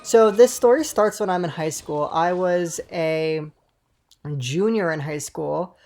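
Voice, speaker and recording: Slow and a little mellow, a high-voiced gamer in his twenties spins a meandering, profanity-laced story over gameplay. He frequently turns aside to talk to viewers along the way.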